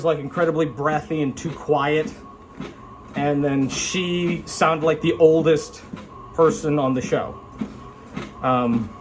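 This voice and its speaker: A man's voice: a little high, noisy background. A man casually reviewing a show he watched, rambling and frank, with lots of fillers and restarts. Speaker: vlogger reviewing an anime.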